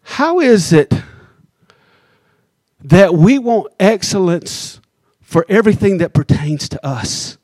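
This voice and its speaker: Male pastor, high-ish voice, conversational sermon delivery with slow emphatic beats, dry close recording. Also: big pitch swings, darkish tone, no room sound. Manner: conversational preaching, teasing the congregation, slows down for emphasis.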